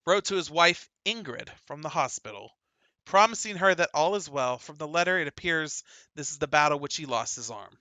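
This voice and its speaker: A male podcast host with a very bright, crisp and clear voice, recorded dry and close to the mic. He chats casually and laughs a lot, with fillers scattered between the news he reads. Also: fairly high pitch, normal speed, dry recording. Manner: chatty, laughs often, many fillers. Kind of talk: casual gaming podcast chat and news reading.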